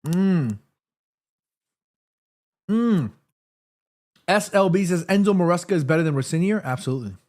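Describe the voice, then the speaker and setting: A man's voice: sits high, expressive, normal speed, long pauses, darkish tone. A man hosting a casual watchalong stream from his room, chatting and reading out messages, with a sore throat. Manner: chatty, reads chat messages aloud, eats between lines. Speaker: livestream host. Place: home room.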